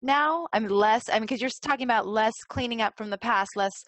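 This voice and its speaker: A woman's voice: fairly high pitch, fast talker, a bit bright, no echo. A woman hosting a casual podcast interview, enthusiastic as she asks her guest questions. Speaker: podcast host.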